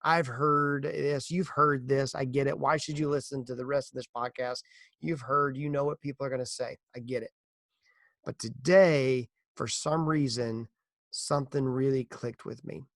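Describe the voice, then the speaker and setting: Middle-aged male podcaster, earnest encouraging delivery, some vocal fry. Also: medium pitch, fairly even intonation, moderate pace, a bit bright, no echo, clean studio sound. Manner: earnest, encouraging, tells a corny joke. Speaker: podcast host. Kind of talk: casual motivational podcast talk.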